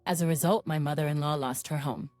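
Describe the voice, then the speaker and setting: A woman narrating a first-person story in an even, measured scripted reading. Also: sits low, no echo, soft background music.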